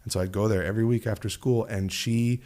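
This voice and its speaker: A man's voice: lowish voice, fast. A man, a musician guest, telling stories in a casual studio interview and acting out the voices of people he quotes. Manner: animated storyteller who acts out quoted voices.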